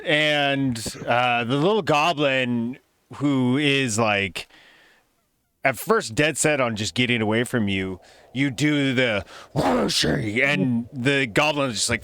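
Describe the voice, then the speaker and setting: A man in a mid-range voice running a tabletop role-playing session as game master. He narrates loosely and chattily, with lots of filler words. His voice sits at an ordinary mid pitch throughout. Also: fairly bright tone.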